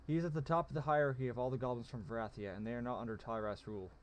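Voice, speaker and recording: A man's voice: mid-range voice, steady tone, rapid-fire, a little hiss or hum, lightly acted. A man voicing a guarded woman mage who explains things in a dry, matter-of-fact way.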